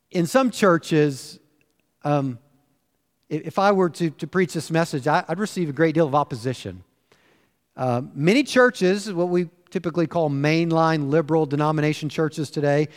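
A man preaching a sermon as pastor in his church, emphatic and full of rhetorical questions. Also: high-pitched. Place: church sanctuary. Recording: long church reverb.

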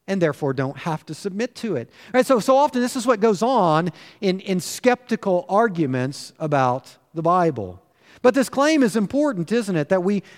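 A man preaching a sermon as pastor in his church, emphatic and full of rhetorical questions. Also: high-pitched. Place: church sanctuary. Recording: long church reverb.

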